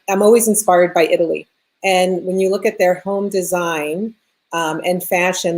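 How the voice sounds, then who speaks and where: A woman with a New York accent, an interior designer talking casually as a radio guest and thinking aloud as she goes. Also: fairly low pitch. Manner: relaxed, thinking aloud with fillers.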